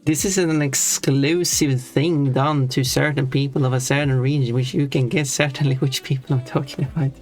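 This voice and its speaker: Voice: mid-range voice, steady tone, moderate pace, few pauses, soft background music. A streamer from Sweden, chatting casually on a live stream, rambling and restarting sentences, laughing now and then at their own points.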